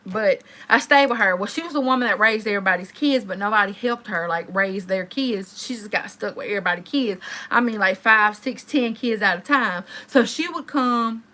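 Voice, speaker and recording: A woman in her thirties chatting to live viewers, telling a story in a lively, animated way and talking straight to her audience. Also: mid-range voice, moderate pace. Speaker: live-stream host.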